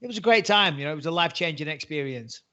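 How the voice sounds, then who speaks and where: A man's voice: on the high side, lively intonation, racing, sharp tone. A man in his forties with a Northern English accent, telling his story as an interview guest in a chatty, jokey way. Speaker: interview guest, former fighter turned commentator. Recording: muffled lo-fi audio.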